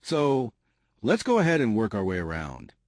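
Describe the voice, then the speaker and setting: A low-voiced man leads an eager walkthrough of a big house and speaks to his viewers as family. His pitch rises and falls a lot as he points things out. The sound is close and dry. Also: huge pitch swings, normal speed, no echo. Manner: enthusiastic, addresses viewers as family. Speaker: home tour host. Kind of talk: enthusiastic real estate walkthrough. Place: inside a large house.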